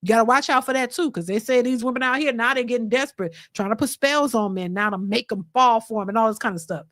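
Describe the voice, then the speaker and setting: A woman's voice: fairly high pitch, fast talker, a bit bright, no room sound, clean studio sound. A woman hosting a reaction channel, chatting to her live viewers in a blunt, emphatic way and lecturing them. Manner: mocks others by quoting them in a put-on voice. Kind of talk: casual commentary to a live chat.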